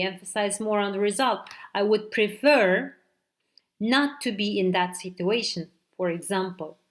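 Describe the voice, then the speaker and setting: A woman teacher giving a recorded grammar lesson, explaining examples step by step and often checking with "okay". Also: mid-range voice. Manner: slow, deliberate explaining with frequent "okay" checks. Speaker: English teacher.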